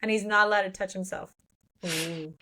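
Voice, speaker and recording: A woman's voice: mid-range voice, fairly even intonation, moderate pace, bright, forceful tone. A woman co-hosting a podcast, chatting casually about a fantasy novel with blunt, playfully crude jokes. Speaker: podcast co-host. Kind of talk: casual book discussion.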